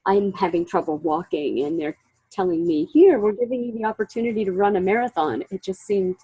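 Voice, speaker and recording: A woman with a husky, slightly breathy voice recounts her story in an interview, pitched around the middle for a woman. She speaks with emotion and drops into quoted dialogue to replay past scenes. The sound is dry and close, with no room around it. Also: lively intonation, a little fast, dark tone, no room sound, dull audio. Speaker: interview guest.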